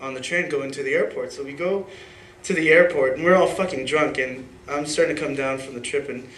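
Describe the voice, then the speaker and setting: A man's voice: on the high side, brisk, a bit bright. A young man telling a personal story live on stage at a story slam, casual and rambling, full of fillers and restarts. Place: live event venue with audience. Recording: echoey room with faint ambience.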